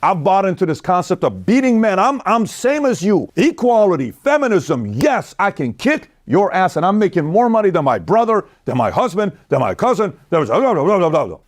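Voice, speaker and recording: A man putting on the voice of an exasperated nagging woman in a shrill, mocking falsetto. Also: sing-song, brisk, few pauses.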